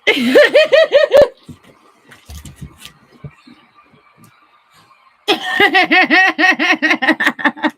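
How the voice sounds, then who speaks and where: A woman's voice: very high-pitched, very animated, extremely slow, long pauses, pushed and bright. A young woman chatting playfully with friends at home, laughing often as she jokes. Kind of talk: casual chat among friends. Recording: noisy background.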